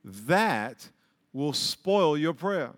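Man preaching, fairly high voice, call-and-response, loud calls and low asides, long church reverb. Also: sing-song, extremely slow. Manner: call-and-response, has the congregation repeat words. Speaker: pastor. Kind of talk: sermon. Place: church sanctuary.

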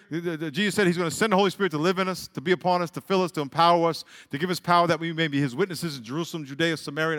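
A male pastor giving a sermon, leading call-and-response with the congregation and mixing loud calls with joking asides. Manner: call-and-response, has the congregation repeat words; jokey, swings from loud calls to low asides. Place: church sanctuary. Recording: long hall reverb.

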